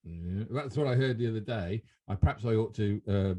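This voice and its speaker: A man's voice: on the low side, fairly quick, dark tone. A man hosting a casual comedy podcast, rambling and self-interrupting, laughing often. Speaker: podcast host.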